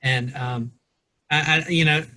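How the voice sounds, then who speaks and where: A man's voice: fairly high pitch, fairly even intonation, measured pace, sharp tone. A man co-hosting a podcast, discussing a book in a loose, rambling way with many restarts. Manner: loose, rambling, reads quotes aloud with restarts. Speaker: podcast co-host, pastor or lawyer.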